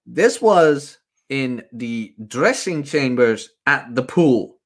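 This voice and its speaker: A man's voice: animated, slow. A man co-hosting a podcast, chatting crudely and casually and laughing often. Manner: laughs often, puts on high voices when quoting women. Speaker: podcast co-host.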